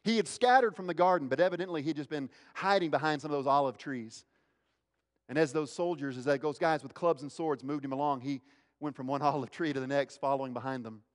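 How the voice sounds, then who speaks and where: A man preaching a sermon, acting out the quoted lines with big swings in pitch and loudness. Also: a little fast. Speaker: pastor. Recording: hall with long reverb.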